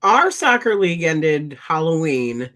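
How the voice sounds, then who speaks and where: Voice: mid-range voice, sing-song, a little slow, a bit bright. A panelist in a casual chat, telling wry, joking stories.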